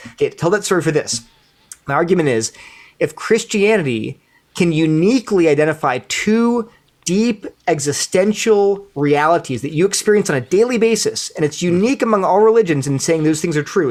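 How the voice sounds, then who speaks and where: A man being interviewed as an author, explaining his ideas in a lively, storytelling way, often restarting phrases and acting out quoted voices. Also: fairly high pitch. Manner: frequent restarts, thinks aloud. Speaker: interview guest, author and apologist. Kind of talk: casual interview conversation.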